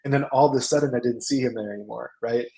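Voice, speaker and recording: A man speaking casually in a business webinar, telling stories with lively acted-out dialogue and frequent restarts. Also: mid-range voice, fast, vocal fry, low-quality recording. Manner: animated storyteller, acts out dialogue, repeats words. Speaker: salon business coach.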